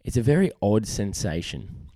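A man's voice: fairly low pitch, wildly swooping pitch, moderate pace, mellow, no room sound, studio quality. A young adult man hosting his own podcast, talking casually and rambling in a self-deprecating way with lots of "you know.". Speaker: podcast host. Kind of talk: casual chat.

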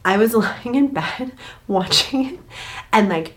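A woman in her thirties talking in a relaxed, expressive way, telling stories with laughter. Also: a little high, measured pace. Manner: animated, expressive storytelling with laughs. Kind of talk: casual chat.

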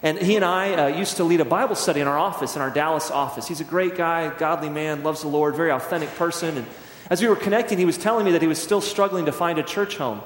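A man's voice: fairly high pitch, fast, few pauses. A middle-aged man preaching a sermon as pastor, telling stories in a conversational way and acting out scenes. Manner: conversational storytelling, acts out scenes. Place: church sanctuary. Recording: echoey church hall.

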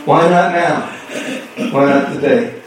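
Animated preacher in an echoey church. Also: male voice, a little high, takes it slowly, noisy background. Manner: animated storytelling, acting out dialogue. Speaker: pastor. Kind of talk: sermon. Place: church sanctuary. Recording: echoey hall from far off.

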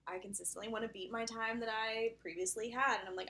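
A woman's voice: on the high side, fairly even intonation, fast talker, bright, forceful tone. A young woman running coach co-hosting a podcast, joking about herself in playful, giggly casual chat. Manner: playful, self-teasing, giggly.

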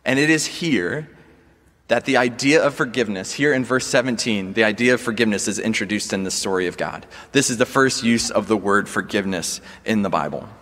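A man preaching a sermon as a pastor, earnest and measured, often asking the congregation questions. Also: lowish voice, fairly bright tone, long reverb tail.

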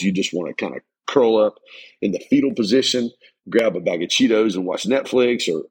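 A man's voice: lowish voice, a little mellow, husky, poor audio. A middle-aged man hosting a motivational podcast, talking earnestly and emphatically with many restarts. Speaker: life coach and podcast host.

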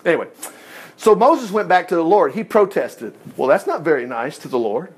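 A man reading scripture aloud and breaking in with animated, exclamatory asides, teaching a Bible lesson. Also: on the high side, moderate pace, husky.

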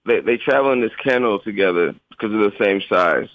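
A man with a sleepy morning voice, chatting casually as a guest over the phone, relaxed and repeating his words. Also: fairly low pitch, fairly quick, dry recording. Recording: muffled phone line.

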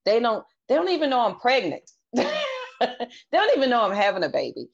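A woman's voice: fairly high pitch, wildly swooping pitch, brisk, vocal fry. A woman guest on a podcast, candidly telling her personal story and acting out what others said in her own voice. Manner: earnest, candid, retells dialogue in her own voice. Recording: dull lo-fi audio.

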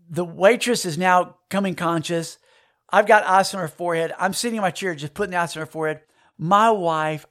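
A male pastor, telling a folksy personal story during a sermon. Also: high-pitched. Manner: folksy storytelling, animated retelling.

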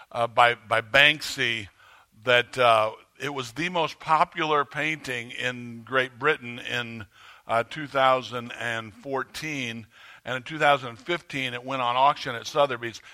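A man preaching a sermon as pastor, conversational and halting with fillers and restarts, rising when he stirs up the congregation. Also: sharp tone. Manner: rises in pitch and volume when stirring the congregation. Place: church sanctuary.

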